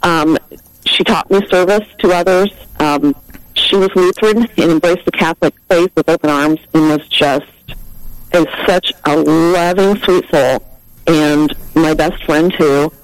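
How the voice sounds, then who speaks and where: A middle-aged woman calling in to a radio show, telling a heartfelt story in a halting way with many ums. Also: low voice, no room sound, poor audio. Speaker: caller. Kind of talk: call-in radio testimony.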